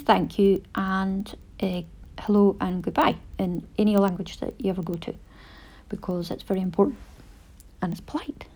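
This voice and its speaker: A woman's voice: medium pitch, a little mellow. A woman, hosting a casual chat show and rambling through many asides. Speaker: podcast host.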